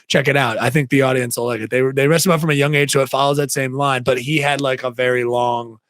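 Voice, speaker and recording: A man's voice: medium pitch, fairly even intonation, quick pace, a bit bright, no echo, studio quality. A man cohosting a podcast, chatting casually and laughing often. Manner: laid-back, laughs often. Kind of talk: casual comedic chat.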